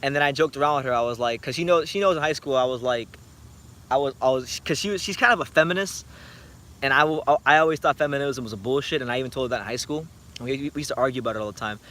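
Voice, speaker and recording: This young man from South Florida, a boxing YouTuber, chats about boxing late at night on his vlog, blunt, profane and joking. His medium-pitched voice is fast with a sharp tone.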